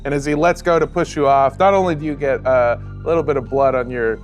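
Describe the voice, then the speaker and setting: A man's voice: mid-range voice, fairly even intonation, quick pace, faint music behind. A man narrating as game master of a tabletop game, casual and profane.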